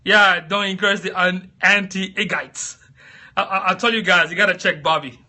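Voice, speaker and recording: A chatty man hosts a casual livestream, calling out viewers by name and laughing often. His voice sits high and sounds very bright and forceful. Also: fairly even intonation, moderate pace. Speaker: livestream host.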